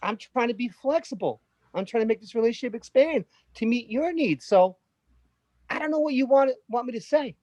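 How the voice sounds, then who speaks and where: A man's voice: very high-pitched, expressive, normal speed, a little mellow, dry recording. A man improvising an anxious, newly engaged boyfriend, placating and stammering over restarts on a video call. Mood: pleading. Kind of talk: improv scene.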